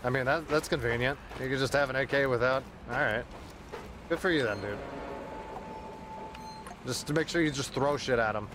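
A man's voice: medium pitch, moderate pace, long pauses, noisy background. A man streaming a game, chatting casually with friends, rowdy, joking and swearing a lot. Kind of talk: casual live-stream chat.

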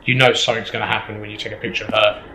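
A man's voice: fairly low pitch, level tone, very fast, roomy sound, noisy background. A man commentating a horror game, jittery, swearing and repeating himself. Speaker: gameplay streamer.

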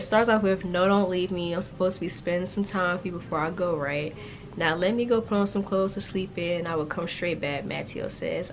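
Animated young woman reading aloud, slangy. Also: fairly low pitch, a little hiss or hum. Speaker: YouTuber. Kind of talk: casual reaction reading.

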